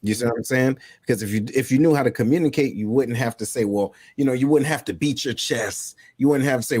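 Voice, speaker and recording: A man hosting a casual panel talk show, energetic and laughing as he calls on his guests. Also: medium pitch, fairly quick, hardly any pauses, slightly rough, dry recording. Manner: energetic, laughing, call-and-response. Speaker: host.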